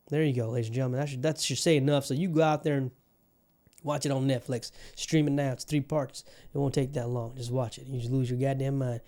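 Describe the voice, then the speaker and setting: A man's voice: medium pitch, fairly even intonation, a little fast, dark tone. A man hosting his own podcast in a put-on Southern US accent, talking in a rambling, profane, fired-up way. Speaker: podcast host. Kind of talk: casual solo podcast monologue.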